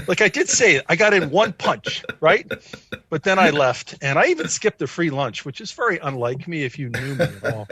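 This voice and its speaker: Animated American man telling a story. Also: a little high, moderate pace, breathy edge, dry recording. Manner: animated, self-deprecating storyteller. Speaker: psychiatrist guest. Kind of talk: conversational storytelling.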